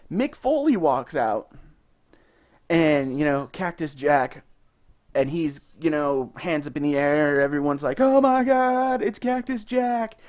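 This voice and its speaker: Excited, profane young man. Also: fairly high pitch. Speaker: podcast co-host. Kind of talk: casual chat.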